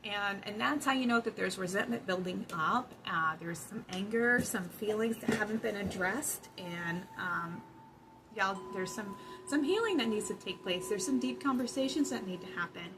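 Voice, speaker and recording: A woman's voice: mid-range voice, moderate pace, noisy background. A woman hosting a spiritual wellness channel, giving casual advice in an earnest, chatty way with many fillers. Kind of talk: casual spoken advice monologue.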